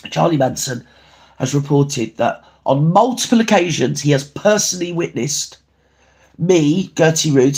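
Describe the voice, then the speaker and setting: A man's voice: on the high side, a little mellow, lightly acted. A man playing a gossipy older grandmother who hosts a livestream, chatting with viewers and calling them babe and darling. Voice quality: chatty, calls everyone babe and darling, ranting. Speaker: livestream host. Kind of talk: livestream chat reading comments.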